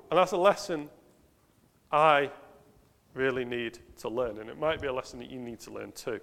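A man's voice: medium pitch, normal speed, vocal fry, long pauses, fairly bright tone. A man preaching a sermon in an earnest, self-questioning way, asking the congregation rhetorical questions. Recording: long hall reverb.

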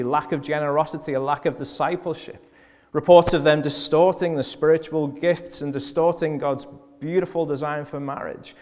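Scouse preacher in a reverberant hall. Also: male voice, mid-range voice. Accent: Liverpool (Scouse). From Liverpool, England. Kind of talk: sermon.

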